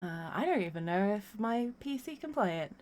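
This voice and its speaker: A woman's voice: mid-range voice, animated, moderate pace. Giggly, tearful woman streamer. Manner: giggly, emotional, talks softly. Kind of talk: live-stream chat.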